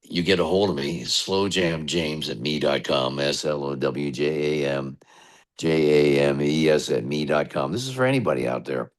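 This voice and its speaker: An American radio DJ with a bass voice, speaking at normal speed, appears as a guest in a casual interview. He's chatty and tells rambling anecdotes.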